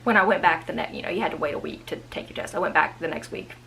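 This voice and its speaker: A woman of about thirty telling a personal story in a chatty, animated vlog monologue with frequent asides. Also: low-pitched, fast, creaky, a little hiss or hum, rough recording. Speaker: vlogger. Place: indoors at home.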